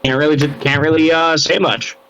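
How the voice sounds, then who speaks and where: A Canadian man co-hosting a casual chat, with a laid-back, drawn-out delivery. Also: fairly high pitch, fairly even intonation, fairly bright tone, clear, resonant tone. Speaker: co-host reviewing painted miniatures. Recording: dull, lo-fi sound.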